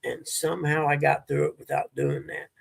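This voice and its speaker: A man's voice: on the high side, steady tone, moderate pace, no echo. A middle-aged man, telling rambling stories as a livestream host in casual chat. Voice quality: gravelly, husky. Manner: rambling, laid-back storytelling.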